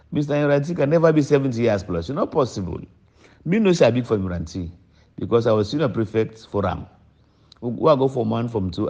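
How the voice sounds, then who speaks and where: A man's voice: gravelly, warm tone. An older man from Sierra Leone with a Sierra Leonean accent, a politician giving an emphatic public address that mixes English and Krio. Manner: emphatic, repeats points with sudden pitch jumps. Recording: dull lo-fi recording.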